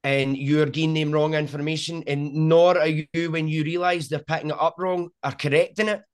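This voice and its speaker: A middle-aged man with a broad Scottish accent talks in a relaxed interview. He tells stories with lots of energy and keeps checking in with "do you know what I mean." His voice sits a little higher than most men's. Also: moderate pace, clean tone. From Scotland. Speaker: sumo content creator. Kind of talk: casual interview chat.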